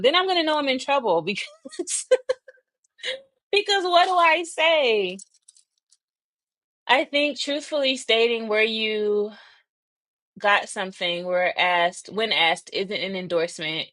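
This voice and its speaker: A woman's voice: a little high, lively intonation, measured pace, a bit bright, dry recording. Chatty woman thinking aloud on stream. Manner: slightly breathy from asthma. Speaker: livestream host. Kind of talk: casual livestream chat.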